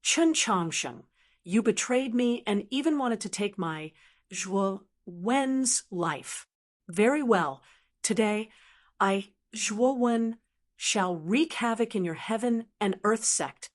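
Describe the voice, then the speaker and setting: A woman voicing a composed young male master who speaks calmly with faint mockery. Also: mid-range voice, takes it slowly. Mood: cold vengeful. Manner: calm and faintly mocking. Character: calm, mocking young male master in white.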